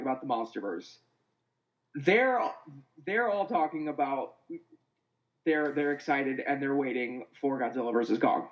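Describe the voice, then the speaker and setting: A man on a casual podcast chat, talking in a rambling, halting way. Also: mid-range voice, muffled recording.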